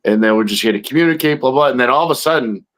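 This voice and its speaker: A man's voice: medium pitch, rapid-fire, a bit bright, a little hiss or hum, poor audio. A man co-hosting a podcast, telling a field story in a rambling way with many fillers. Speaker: podcast co-host, Bigfoot investigator. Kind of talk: casual chat.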